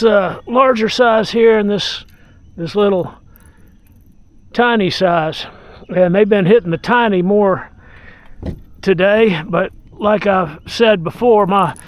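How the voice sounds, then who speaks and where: A man calmly talking through his fishing from a boat on a lake, often sighing. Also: high voice, a little hiss or hum. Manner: relaxed, talks to the fish, frequent sighs. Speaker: fishing vlogger. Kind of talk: casual on-the-water commentary.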